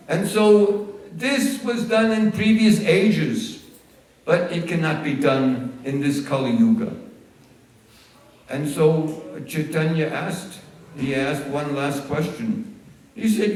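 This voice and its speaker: Male sermon storyteller, somewhat high voice, miked from far off in a large temple hall. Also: darkish tone. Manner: unhurried, with fillers and restarts. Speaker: religious storyteller. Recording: echoey hall, voice far from mic.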